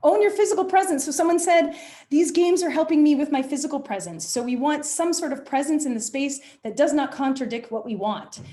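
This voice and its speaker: A woman leading an online workshop on presentation skills, speaking in an energetic, demonstrative way over a video call. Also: sits high, fairly quick. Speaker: presentation coach.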